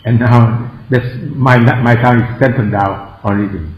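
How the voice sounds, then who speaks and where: A man with a Thai accent, a native Thai speaker, teaching a meditation class, explaining words slowly and spelling them out, joking at his own expense and chuckling often. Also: medium pitch, steady tone. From Thailand. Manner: self-mocking humor, chuckles often. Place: meditation hall. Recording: echoey room, dull lo-fi sound.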